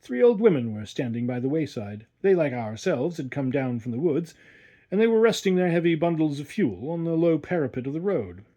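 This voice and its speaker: Guy reading an old short story out loud, husky voice, lots of ups and downs. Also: on the high side, very animated, a little fast. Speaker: audiobook reader. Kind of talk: scripted narration.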